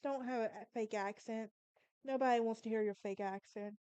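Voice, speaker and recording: Southern woman with a sassy, emphatic delivery, high voice, dry close sound. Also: fairly even intonation, normal speed, mellow, smooth, dry recording, muffled recording. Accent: Southern American. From Southern United States. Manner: sassy, emphatic, talks straight to the listener. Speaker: podcast host. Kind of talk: casual monologue.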